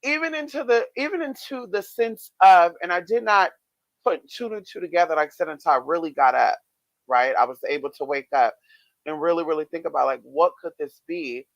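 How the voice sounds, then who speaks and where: A man vlogging, casually telling his viewers a story in a chatty, expressive way with frequent swearing. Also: fairly high pitch, brisk, gravelly, no echo, dull audio. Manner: chatty, expressive, swears freely, many fillers.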